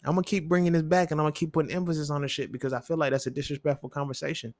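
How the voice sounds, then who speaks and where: A young man riffs alone on his podcast in loose, profane street slang, his voice gravelly and full of fry. He keeps asking the listener questions that leap up in pitch. The sound is dry and close, with no room around it. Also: level tone, rapid-fire, dry recording. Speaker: podcast host. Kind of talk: casual solo monologue.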